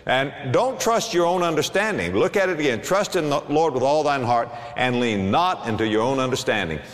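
A middle-aged male pastor preaching a sermon, swinging from low, quiet asides to loud, emphatic exclamations. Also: animated, a little fast, in a large hall.

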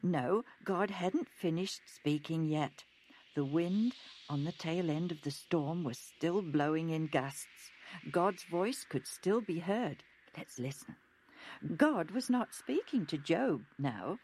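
A woman narrating a Bible story gently and expressively, in a scripted storybook reading. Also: sits low, lively intonation, takes it slowly, slight background noise. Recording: narration over music.

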